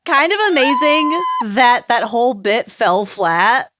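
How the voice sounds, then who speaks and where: A woman's voice: fairly high pitch, expressive, unhurried, background noise. A woman co-hosting a podcast in casual chat, giggly and wry. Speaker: podcast co-host.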